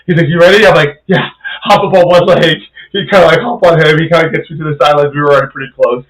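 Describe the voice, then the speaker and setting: A man's voice: a little high, steady tone, fast, low-quality recording. A young man chatting casually on a podcast, recounting a rugby game as co-host. He swears freely and fills his sentences with "like" and "dude," talking in a loose, rambling way. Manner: casual storytelling, heavy swearing and fillers. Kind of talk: casual chat.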